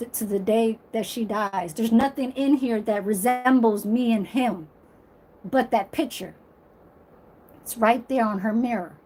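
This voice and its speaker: Woman vlogger in her forties, blunt and profane, unhurried delivery. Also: fairly high pitch. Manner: blunt, emphatic, profane, laughs loudly. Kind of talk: casual monologue to camera.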